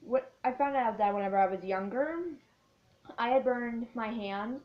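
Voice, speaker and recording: A woman's voice: on the high side, moderate pace. A teenage girl telling a story in a casual vlog, rambling with lots of filler words. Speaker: vlogger. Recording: dull lo-fi sound.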